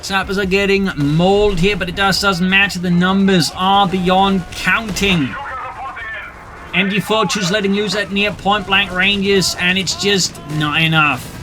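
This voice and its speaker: A man casting a strategy video game, giving brisk, excitable and wry play-by-play commentary. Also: high-pitched, noisy background. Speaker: game caster. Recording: commentary over loud game battle sound. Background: gunfire and artillery.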